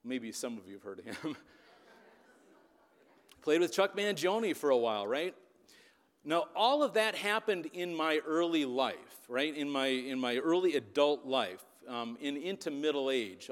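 Speaking at a moderate pace with a medium pitch, the same kind of animated voice belongs to a man in his fifties from the US Upper Midwest. As preacher and youth leader, he's recounting a story in a sermon and often checks in with listeners, all captured with the long echo of a large hall.

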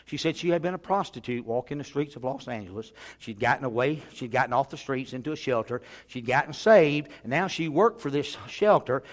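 A middle-aged man preaching, telling funny stories in an animated way and often chuckling and clearing his throat. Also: mid-range voice, a little fast, hardly any pauses. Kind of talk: humorous sermon storytelling.

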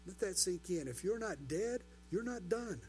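A man's voice: high voice, lively intonation, normal speed, a little hiss or hum. A pastor preaching a sermon, building his points through rhetorical questions and repetition.

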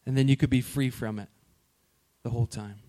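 A man voicing a calm farm father in a story, speaking low and quietly. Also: a little fast, natural voice. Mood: gentle, knowing.

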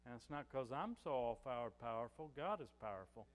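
A man's voice: mid-range voice, expressive, a little fast, in a large hall. An older man preaching a sermon as pastor, in a conversational way with many "you know" fillers.

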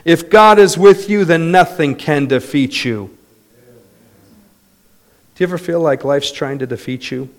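A man preaching a sermon, moving between quiet, low passages and loud, lively ones, with laughter. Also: a little slow, long pauses. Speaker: pastor.

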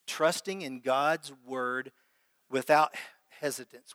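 A man's voice: a little high, measured pace, bright, forceful tone. A man preaching a sermon as pastor, talking conversationally and putting questions to his congregation. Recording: long hall reverb.

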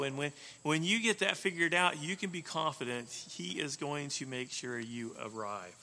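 A man preaching a sermon in an animated way, swinging between loud emphasis and soft asides. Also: a little high, moderate pace. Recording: long reverb of a hall.

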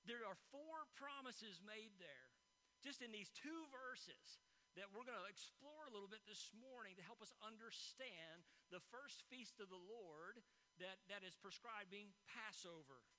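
A male pastor preaches, retelling scripture as a lively story and stopping to ask his congregation rhetorical questions. His voice sits high and rings very bright, with words repeated as he builds toward a point. A faint hum of noise runs behind him. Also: unhurried, low-quality recording. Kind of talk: sermon.

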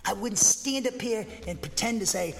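Brief: male pastor, high voice, emphatic dogmatic sermon delivery, long hall reverb. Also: moderate pace, gravelly, background noise. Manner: emphatic, bangs the pulpit, excitable; dogmatic, speaks with conviction. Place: church.

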